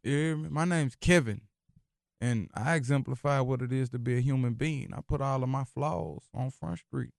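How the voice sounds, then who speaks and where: A man's voice: medium pitch, moderate pace, gravelly, darkish tone, dry recording, studio quality. A man, a rapper being interviewed on the radio, talking in an emphatic, philosophical way and repeating himself for stress. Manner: emphatic, philosophical, repeats phrases like "you hear me". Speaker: rapper guest. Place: radio studio. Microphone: studio microphone.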